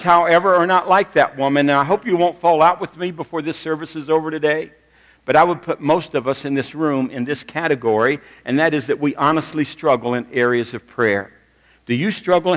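A man's voice: on the high side, a bit bright. Male pastor preaching in a reverberant church. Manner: conversational storytelling, direct questions to the congregation. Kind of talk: sermon. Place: church sanctuary with a congregation. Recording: long reverb of a church hall.

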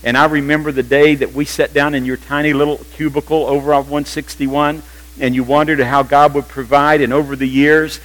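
An older man preaching a sermon in a church, animated and humorous, slipping into playful quoted voices. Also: on the high side, fairly quick, poor audio. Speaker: pastor.

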